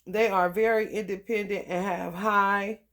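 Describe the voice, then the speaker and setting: An astrology vlogger talks at an unhurried pace, reading star-sign passages aloud. The pitch sits in a middle register. Between passages come slangy, profane asides. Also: steady tone, a bit bright. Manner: slangy, swears freely, reads book passages aloud with side comments. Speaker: astrology channel host.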